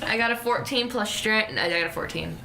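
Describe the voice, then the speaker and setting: A woman playing a tabletop game, speaking eagerly and quickly. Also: mid-range voice, vocal fry, sharp tone, recorded from a distance, slight background noise. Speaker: player. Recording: echoey room, chatter behind.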